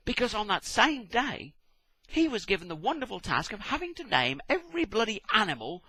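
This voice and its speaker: A man's voice: high-pitched, very animated, brisk, bright, forceful tone, no echo, rough recording. A British man giving a sarcastic, exasperated comic rant, swearing as he goes. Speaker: vlogger. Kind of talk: ranting comic monologue.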